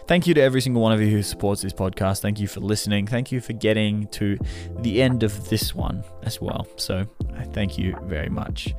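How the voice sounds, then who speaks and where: A man's voice: fairly low pitch, brisk, darkish tone, soft background music. A man hosting his own solo podcast, talking casually to listeners, rambling, correcting himself mid-sentence and swearing offhandedly. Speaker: podcast host.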